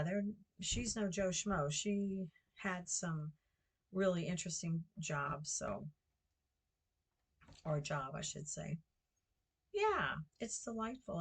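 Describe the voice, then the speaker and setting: Slow, low-voiced older woman rambling. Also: lively intonation. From United States. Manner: chatty, meandering, self-correcting with many fillers. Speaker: vlogger and guesthouse host. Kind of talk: rambling casual monologue.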